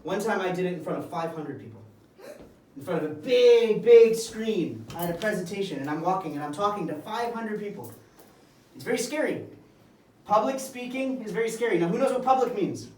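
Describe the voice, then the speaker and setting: A man's voice: high-pitched, big pitch swings, quick pace, slight background noise. A man teaching a classroom of young students, speaking in simple, emphatic phrases. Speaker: English teacher. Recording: echoey classroom from far off.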